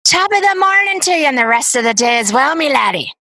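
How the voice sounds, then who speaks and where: A woman's voice: sits high, big pitch swings, fast talker, bright, forceful tone, voice pushed up, exaggerated voice. A woman putting on an exaggerated stage-Irish brogue as a playful greeting. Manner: exaggerated, jokey.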